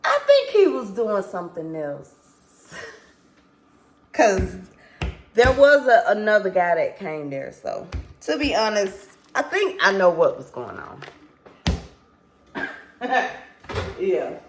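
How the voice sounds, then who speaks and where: A woman's voice: medium pitch, big pitch swings, slow pace, long pauses, slight background noise. A woman vlogger telling a casual storytime to her viewers, candid and rambling, swearing freely and apologizing as she loses her thread.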